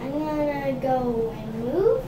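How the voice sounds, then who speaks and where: A high, slow voice of a learner playing a tabletop game, hesitant and giggly with halting phrasing. It sounds off-mic in an echoey room. Clear noise runs behind it. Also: female voice, expressive, recorded from a distance. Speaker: learner player. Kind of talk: casual game play.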